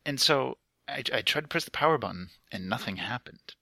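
A man's voice: medium pitch, lively intonation, fairly quick, gravelly, sharp tone, no room sound. A young man on a laptop headset mic, telling a rambling story in casual podcast chat. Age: young adult. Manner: rambling, chatty storytelling with frequent "like" fillers. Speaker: podcast co-host.

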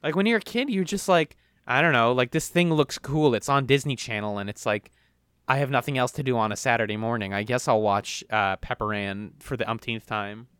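A young man co-hosting a podcast, chatting casually and rambling through animated retellings. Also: medium pitch, a little fast, clear, resonant tone, no echo, clean studio sound. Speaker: podcast co-host. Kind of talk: casual chat.

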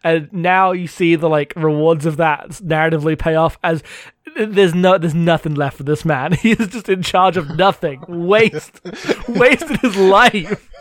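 A man's voice: a little high, moderate pace, no room sound. A man co-hosting a casual book chat, laughing and swearing freely. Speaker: podcast co-host.

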